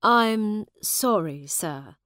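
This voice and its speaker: A kind, patient soldier with a gentle, plain way of speaking, as a woman reads him. He talks very slowly, with a lively lilt, in a storybook reading. The sound is dry and close. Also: mid-range voice, no echo.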